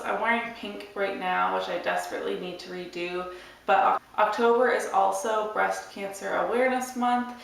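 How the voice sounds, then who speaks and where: A young woman chatting to camera about her monthly favourites, hoarse and losing her voice, rambling in a relaxed way. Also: medium pitch. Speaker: beauty vlogger. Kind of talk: casual chat to camera. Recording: echoey room, mic at a distance.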